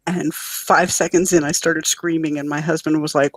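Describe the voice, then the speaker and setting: A woman writer as a guest on a podcast, telling an excited story about her audiobook. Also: low voice, normal speed, dry recording. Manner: animated storyteller. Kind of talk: podcast interview.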